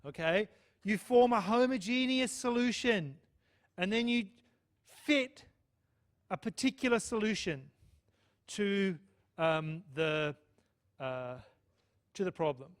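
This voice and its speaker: A man's voice: high-pitched, expressive, slow, pauses often. A man lecturing on math to a live class, chatty, often checking in with "okay?" and "right?". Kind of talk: live lecture with student questions.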